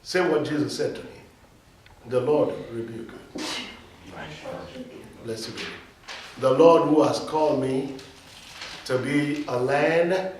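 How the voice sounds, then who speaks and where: A man's voice: a little high, a little slow, slight background noise. A male pastor preaching a sermon, emphatic and leading his congregation in call-and-response. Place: church. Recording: echoey hall, mic from far off.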